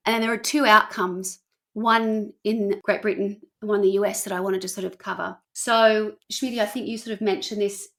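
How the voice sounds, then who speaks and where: A woman co-hosting a podcast, earnestly retelling a documentary in casual chat, speeding up for asides and slowing down for emphasis. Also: medium pitch, fairly even intonation, creaky, fairly bright tone. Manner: earnest, shifting between quick asides and slow emphasis. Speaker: podcast co-host.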